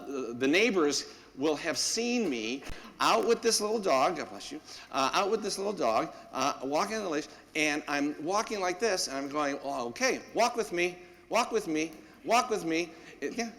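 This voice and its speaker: A man's voice: a little high, fairly bright tone, long reverb tail. A man, a parish priest, giving a folksy, anecdotal homily full of fillers and asides. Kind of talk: conversational homily.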